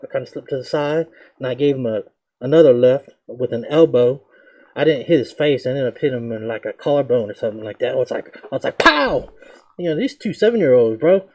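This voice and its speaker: A young man casually telling a story about his school days, slangy and animated, jumping into a higher voice to act out what people said. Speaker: reaction video host.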